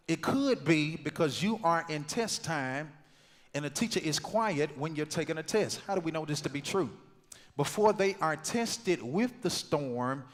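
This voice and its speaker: A man preaching a sermon, dropping to quiet talk and then building to loud, rhythmic shouts. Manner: call-and-response preaching, swings from low talk to loud shouting. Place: large church sanctuary. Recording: long hall reverb in church.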